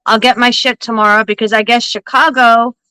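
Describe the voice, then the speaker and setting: Bright, dry-voiced woman telling a story. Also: fairly high pitch, brisk, clean tone, dry recording, rough recording. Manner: animated, swears freely, restarts sentences. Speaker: livestream host and psychic reader. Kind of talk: casual storytelling chat.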